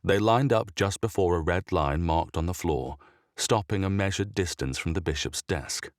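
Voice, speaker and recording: Male storyteller, deep voice, dry close sound, steady measured read. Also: no room sound. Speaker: narrator. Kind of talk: scripted story narration.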